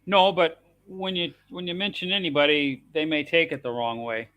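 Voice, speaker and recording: Male stream co-host, bright-toned storyteller, laughs easily, dry close sound. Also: fairly high pitch, fairly even intonation, moderate pace, no echo. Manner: storytelling, laughs often, breaks into song. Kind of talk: casual chat.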